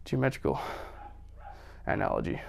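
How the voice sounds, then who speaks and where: A man's voice: normal speed, a little hiss or hum. A young man talking in a rambling, casual way, full of fillers, while working out in a home gym. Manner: rambling, many fillers, breathy strained sighs between reps. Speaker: vlogger filming his workout.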